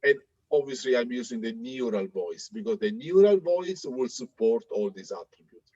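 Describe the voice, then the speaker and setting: A man presenting a live software demo, talking in a hesitant way with many fillers and restarts. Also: medium pitch, expressive, normal speed, no room sound, dull audio. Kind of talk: live tech demo talk.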